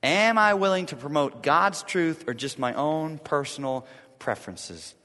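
A man's voice: fairly high pitch, lively intonation, unhurried, bright, forceful tone, big-room sound. A middle-aged man preaching, telling a marital story and acting out both sides of a quarrel. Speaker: pastor. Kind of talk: sermon.

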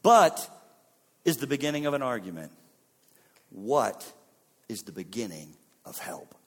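A man preaching a sermon with dramatic delivery. He acts out the lines of biblical figures, swinging sharply between loud and soft. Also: big pitch swings, fast talker, in a large hall. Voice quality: dramatic, voicing biblical figures with wide swings in pitch and loudness. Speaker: pastor.

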